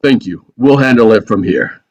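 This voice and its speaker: Brisk police officials, lo-fi dry. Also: male voice, lowish voice, animated, darkish tone, no room sound. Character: gruff male police and FBI officials. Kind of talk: table read over video call. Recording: dull dry video call audio.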